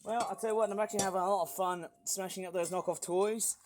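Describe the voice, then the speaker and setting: A man chatting excitedly outdoors while smashing toys for a review vlog, often laughing and whooping. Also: high-pitched, fast talker, slight background noise. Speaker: toy reviewer. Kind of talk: casual toy-smashing vlog. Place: outdoors on a hot day.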